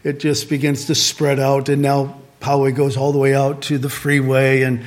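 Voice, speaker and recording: A man's voice: mid-range voice, monotone, normal speed. A man from Southern California preaching a sermon in a conversational way, returning to repeated refrains and asking rhetorical questions. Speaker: pastor.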